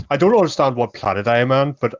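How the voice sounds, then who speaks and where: A man playing a stiff, bewildered male space marine, introducing himself haltingly. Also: mid-range voice, lively intonation, highs cut off, natural voice.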